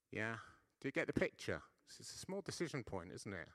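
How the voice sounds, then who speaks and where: A man's voice: fairly low pitch, lively intonation, brisk, a bit bright, no room sound, clean studio sound. A man giving a conversational sermon as a preacher, often checking in with his listeners and poking fun at himself. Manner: conversational, self-deprecating, frequent "yeah?" checks. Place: church.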